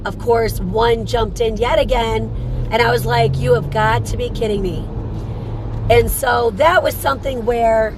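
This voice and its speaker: A woman's voice: a little high, noisy background. A woman who works as a psychic medium and hosts a show, telling a story in a rambling, casual way and repeating phrases for emphasis.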